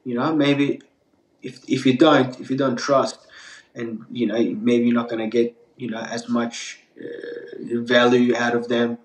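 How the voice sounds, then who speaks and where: A man's voice: medium pitch, flat delivery, unhurried, roomy sound. Turkish-accented man, rambling and chatty. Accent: Turkish with a slight Australian tinge. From Turkey. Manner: rambling, many fillers and restarts, laughs easily. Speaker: pizza maker, podcast guest. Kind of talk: casual podcast interview.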